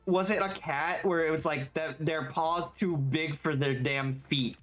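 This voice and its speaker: A live streamer chatting casually while working, reading chat aloud, swearing freely and quick to get excited and laugh. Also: medium pitch. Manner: gets excitable and laughs easily. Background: faint background music.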